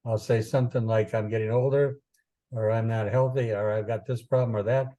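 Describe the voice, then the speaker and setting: Rambling astrologer man with a mellow voice. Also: lowish voice, steady tone, a little fast, muffled recording. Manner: rambling, with many fillers and repetitions. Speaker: astrologer teaching chart interpretation. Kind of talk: informal teaching talk.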